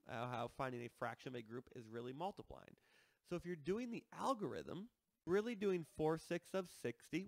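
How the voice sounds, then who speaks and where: A man's voice: medium pitch, gravelly, no echo. A man teaching a math lesson, explaining step by step and checking in with listeners as he works through problems.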